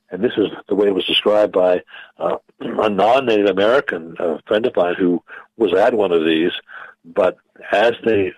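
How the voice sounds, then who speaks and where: A man, a physicist guest on a radio interview, explaining in a measured, halting way with many fillers and restarts. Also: fairly low pitch, dry recording, rough recording.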